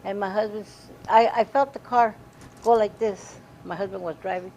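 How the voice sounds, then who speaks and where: A woman's voice: mid-range voice, normal speed. A woman animatedly recounting a family tragedy in a documentary interview, acting out the dialogue as she goes. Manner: animated storytelling, quoting dialogue. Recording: dull lo-fi recording with faint hiss.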